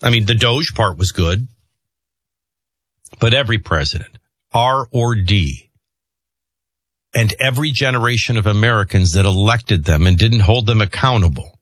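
A middle-aged man hosting a show, rambling between personal stories and opinion rants in an animated way. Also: on the low side, moderate pace, pauses often, husky, no echo. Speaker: host. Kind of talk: opinion monologue with storytelling.

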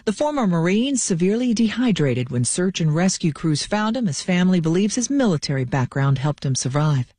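A woman newscaster reading radio headlines in a crisp, measured delivery. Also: lowish voice, very animated, warm tone, dry recording.

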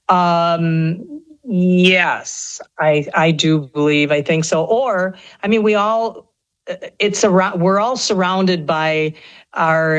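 A woman's voice: fairly low pitch, rough recording. A middle-aged woman telling rambling stories on a radio show, with many restarts. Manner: chatty, rambling storyteller with frequent restarts and laughs. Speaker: guest. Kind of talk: casual radio conversation.

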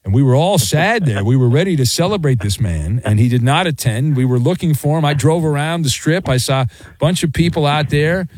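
A man hosting sports talk radio, joking with callers in quick banter. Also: a little high, lively intonation, darkish tone, no echo. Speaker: radio host.

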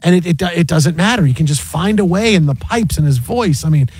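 A man hosting a sports talk show, chatting casually and excitably with lots of restarts. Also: a little high, fairly quick, slightly rough, dry recording. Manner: rambling, excitable, many restarts.

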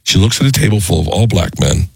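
Husky man telling a comedy story. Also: deep voice, fast talker, dry recording. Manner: animated, jumps into voices mid-story. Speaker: comedian guest. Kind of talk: storytelling on a podcast.

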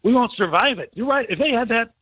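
A man's voice: very high voice, animated, fast talker, husky, dry recording. A man on a phone line, complaining in an exasperated, repetitive way during a political call-in chat.

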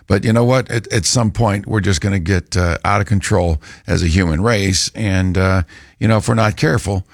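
A man's voice: low-pitched, normal speed, dry recording, studio quality. A man hosting a talk radio show, questioning a guest conversationally with fillers. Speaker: radio host.

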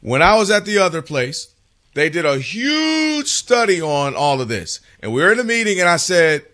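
A man's voice: fairly high pitch, moderate pace. A man co-hosting a sports talk radio show, talking energetically and taking calls in a studio. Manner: energetic, runs the phone lines.

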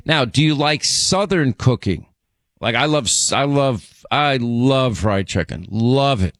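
A man's voice: medium pitch, expressive, measured pace, a bit bright, no echo, studio quality. A man hosting a call-in radio show, chatting with callers and rambling through personal stories. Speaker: radio talk show host.

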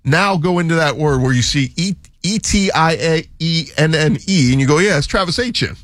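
A man's voice: on the high side, moderate pace, dry recording. A man hosting a sports radio show, chatting casually and jokingly about how names are said, now and then mimicking other voices.

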